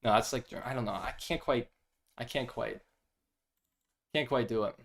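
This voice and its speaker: A man's voice: medium pitch, normal speed, vocal fry, a bit bright. A young man streaming chess, chatting casually, self-deprecating and thinking aloud. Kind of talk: casual live-stream chat.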